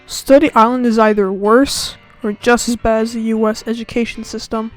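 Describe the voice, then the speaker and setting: A woman's voice: on the high side, flat delivery, moderate pace, few pauses, soft background music, poor audio. A young woman from the United States, a student, ranting on her own channel with sarcastic, exaggerated complaints. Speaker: channel host. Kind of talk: comedic rant to camera.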